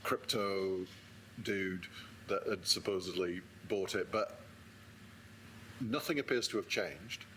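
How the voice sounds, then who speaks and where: A man hosting a casual podcast interview, talking with a hesitant, halting manner. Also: low voice, fairly bright tone, a little hiss or hum. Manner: hesitant, lots of ums and uhs. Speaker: podcast host.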